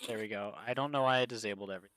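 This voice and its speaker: A man's voice: lowish voice, very fast, crowd noise. A man directing an audiobook recording over a stream, organizing the others. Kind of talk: casual chat on a recording stream.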